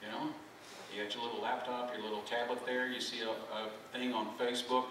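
Middle-aged pastor in an echoey sanctuary. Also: male voice, mid-range voice, level tone, a little fast. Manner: folksy, self-deprecating, joking with the congregation. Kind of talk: conversational sermon. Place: church sanctuary. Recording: very echoey hall, mic from far off, background noise.

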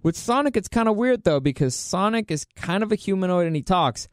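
Guy ranting on his vlog, kinda high voice, dry close mic, gets all incredulous. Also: brisk, dry recording. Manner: animated, incredulous, with crude outbursts. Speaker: vlogger. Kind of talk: casual opinion rant.

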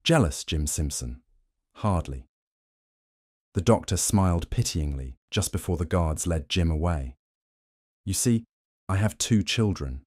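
Man voicing a cool, measured government doctor. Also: deep voice, expressive, a little mellow, dry recording, studio quality. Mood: pitying. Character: calm detached male government doctor.

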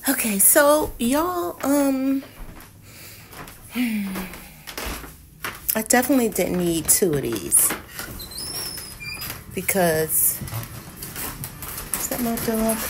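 Woman, candle reviewer, casual vlog, slow unhurried talk, lively swooping pitch, dramatic, slangy. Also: creaky, noisy background. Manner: drifts between muttering and loud outbursts.

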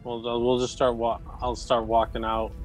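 A man's voice: mid-range voice, completely flat delivery, moderate pace, soft background music. A man playing a tabletop game, describing his character's moves in an easygoing way. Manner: easygoing, narrates his character in third person. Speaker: player. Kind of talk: casual chat.

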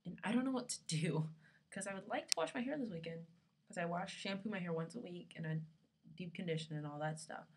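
A woman's voice: fairly low pitch, brisk, noisy background. A young woman vlogging casually from her dorm room, rambling along with lots of fillers, her camera resting on her lap. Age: young adult.

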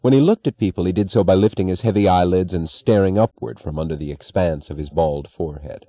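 A man narrating a novel as an audiobook, measured and expressive. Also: deep voice, no echo, lo-fi sound.

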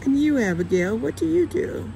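Woman reading brooding middle-aged man, soft musing delivery, gravelly edge. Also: high-pitched, sing-song, normal speed, background noise, pitched above the performer's own voice, exaggerated voice. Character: brooding forty-five-year-old man drinking wine.

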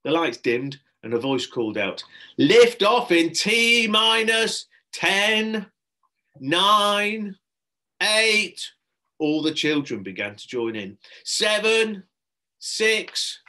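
Man, primary school teacher, children's story read-aloud, bright, expressive narration. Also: medium pitch, breathy edge. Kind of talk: reading a children's book aloud.

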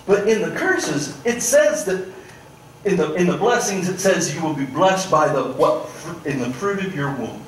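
A man's voice: a little high, normal speed, a little hiss or hum. Preaching man in an echoey church. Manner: animated preaching, swings from loud to hushed. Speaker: pastor. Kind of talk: sermon. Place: church sanctuary. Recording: echoey church room, mic at a distance.

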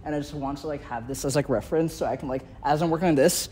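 A man's voice: on the high side, quick pace, darkish tone, slight background noise. A young man, an art student, talking casually in a studio, rambling with lots of "like" and dry teasing. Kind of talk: casual chat.

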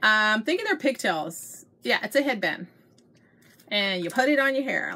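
A middle-aged woman with a drawl chats through her shopping haul from home, gushing over each find and calling out to her viewers. She talks at a middle pitch into a simple camera mic. A faint hiss sits behind her voice. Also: lively intonation, moderate pace, sharp tone. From Texas. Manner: chatty, gushing, addresses viewers as you guys. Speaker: haul vlogger. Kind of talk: casual show-and-tell chat.

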